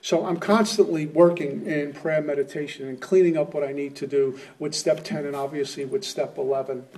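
A middle-aged man shares his story at a recovery meeting in an earnest, conversational way. His voice is very mellow and soft-edged, sitting a little high for a man. He sounds set back from the microphone. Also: recorded from a distance. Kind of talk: personal testimony talk.

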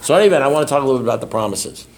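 A man's voice: mid-range voice, lively intonation, rapid-fire, creaky, a little hiss or hum. A blunt, self-mocking middle-aged man speaking casually at a recovery meeting, rambling and often asking "you know what I mean?".

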